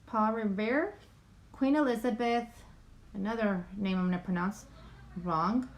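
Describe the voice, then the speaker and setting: At home on a casual YouTube livestream, a woman with a medium-pitched voice reads names aloud a little slowly. She apologizes again and again for getting them wrong.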